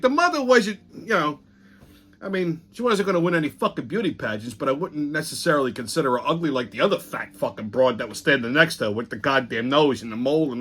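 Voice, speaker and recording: Middle-aged male host, crude and rambling, voice on the high side. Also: bright, forceful tone. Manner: crude, rambling, swears constantly, acts out quotes. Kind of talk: profane storytelling rant.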